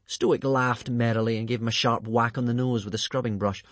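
A man reading a storybook aloud in a lively, expressive manner. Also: medium pitch, a little fast, no echo. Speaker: narrator.

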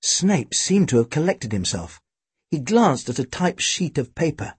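A man narrating a storybook with a dry, wry, expressive delivery. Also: on the high side, measured pace, slightly rough, no echo. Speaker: audiobook reader.

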